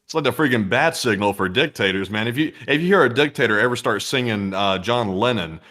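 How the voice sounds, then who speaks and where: A man's voice: mid-range voice, animated, fairly quick, sharp tone. A man co-hosting a casual comedy chat, riffing wry, rambling jokes. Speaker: co-host.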